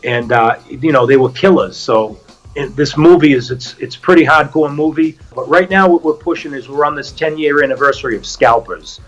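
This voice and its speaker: A man's voice: on the high side, normal speed, lo-fi sound, faint music behind. A middle-aged man with a Boston accent, an actor guest chatting casually and telling stories. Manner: animated storyteller, acts out quotes. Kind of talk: casual chat.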